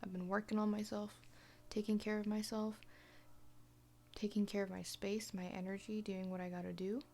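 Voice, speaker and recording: A young woman talking casually in a personal vlog, soft-spoken and often half-whispering, hesitant with lots of fillers. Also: mid-range voice, level tone, moderate pace. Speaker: vlogger.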